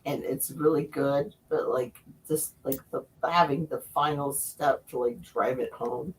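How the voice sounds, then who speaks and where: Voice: medium pitch, fairly even intonation, a little slow, poor audio. A speaker in a casual group chat, talking in a chatty way and explaining things for the others with lots of "like".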